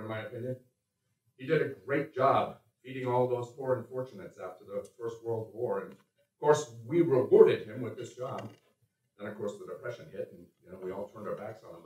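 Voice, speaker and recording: A man's voice: fairly high pitch, fairly bright tone. An older man with a Missouri accent, playing a blunt, folksy American president in a one-man stage show. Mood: chatty. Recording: echoey stage from far off.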